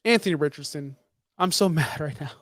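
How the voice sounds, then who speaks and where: A man's voice: a little high, a little fast, fairly bright tone, no echo, clean studio sound. A man co-hosting a fantasy football podcast, talking in a fired-up, emphatic, ranting way. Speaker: podcast co-host. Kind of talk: heated fantasy football talk.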